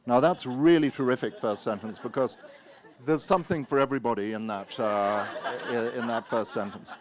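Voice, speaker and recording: A man, an author, giving a wry, anecdotal talk full of hesitant pauses and self-mocking asides. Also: mid-range voice, a faint crowd.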